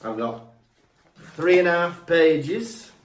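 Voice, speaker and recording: Wry, lively man in an echoey room. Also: a little high, takes it slowly, slight background noise. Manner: wry, teasing. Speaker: podcast co-host. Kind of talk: casual chat.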